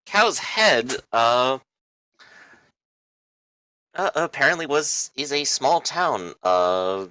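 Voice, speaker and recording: A man's voice: medium pitch, animated, very slow, bright, forceful tone, no room sound, low-quality recording. A man narrating as a tabletop game master, making it up as he goes with hesitant fillers. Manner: improvising, hesitant.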